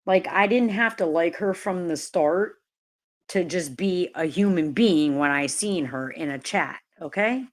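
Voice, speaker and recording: A woman's voice: fairly low pitch, a little slow. A woman live-streaming, talking casually to her chat, laughing often and swearing freely. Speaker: livestreamer.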